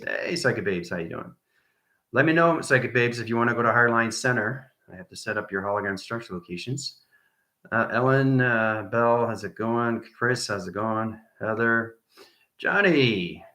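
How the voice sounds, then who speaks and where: This online spiritual teacher has a fairly low, bright voice with a forceful tone, and the sound is roomy. He addresses his livestream viewers with rambling enthusiasm, repeating points and sometimes sinking to a whisper.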